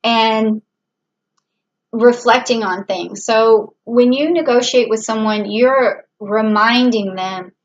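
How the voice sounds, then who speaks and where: A woman giving a casual tarot reading, talking in a chatty, rambling way with many fillers and restarts. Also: a little high. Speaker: tarot reader. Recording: dull lo-fi audio.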